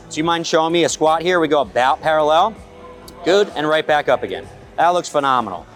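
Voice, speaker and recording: A brisk, fairly high male voice explains knee rehab exercises while coaching a patient through the movements. He keeps an energetic physical therapist's coaching manner throughout. Faint music runs behind. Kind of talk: exercise instruction.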